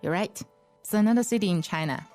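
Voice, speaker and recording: A woman teaching a language lesson, repeating phrases slowly and patiently. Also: mid-range voice, darkish tone, soft background music.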